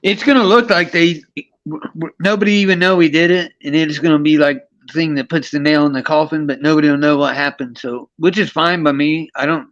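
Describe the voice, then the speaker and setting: A man's voice: fairly high pitch, steady tone, brisk, fairly bright tone, dull audio. A man chatting casually on a live stream, rambling and swearing, often breaking into laughter. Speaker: co-host.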